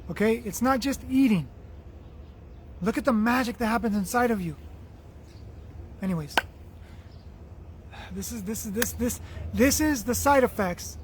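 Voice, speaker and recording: High-voiced man, earnest spiritual host. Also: measured pace, pauses often, slight background noise. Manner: earnest, affectionate, repetitive phrasing. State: losing his voice. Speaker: livestream host reading viewer comments. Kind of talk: spiritual motivational livestream talk.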